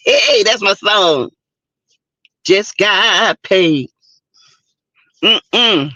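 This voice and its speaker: A woman's voice: mid-range voice, expressive, drawn-out words, long pauses, pushed and bright, no echo, highs cut off. A woman hosting a casual morning livestream, chatting and greeting viewers by name. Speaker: livestream host. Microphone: streaming setup mic.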